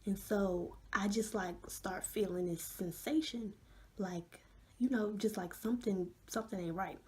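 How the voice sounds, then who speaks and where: A young woman vlogger telling an animated story with many fillers, often dropping to a hush. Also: mid-range voice, measured pace. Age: young adult. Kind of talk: storytime vlog.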